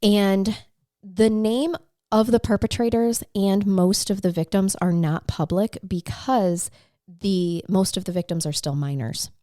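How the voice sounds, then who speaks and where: A woman's voice: mid-range voice, steady tone, a little slow, mellow, no room sound, studio quality. A woman co-hosting a true-crime podcast who talks in a chatty, self-deprecating way, laughs often and swears casually. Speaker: podcast co-host presenting the case.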